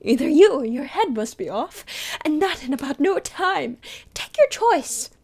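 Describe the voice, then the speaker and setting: A woman's voice: sits high, animated, measured pace, a little mellow. A woman voicing a furious, tyrannical Queen in a whispered role-play, barking commands. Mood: imperious.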